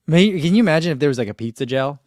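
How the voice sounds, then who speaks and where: Rapid-fire and lively in his intonation, this running-channel host has a higher voice with a darkish tone. He chats loosely with viewers on a livestream, going through their comments with plenty of fillers. The studio-quality audio has no room sound.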